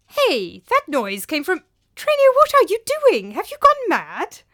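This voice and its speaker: A woman's voice: high-pitched, wildly swooping pitch, measured pace, bright, forceful tone, voice pushed up, exaggerated voice. A woman voicing a bewildered, indignant old man who demands answers.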